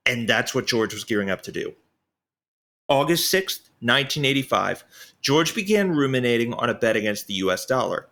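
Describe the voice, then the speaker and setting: Bright-voiced man narrating a podcast. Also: mid-range voice. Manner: reads prepared script with sarcastic asides. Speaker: podcast co-host. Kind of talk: casual history podcast narration.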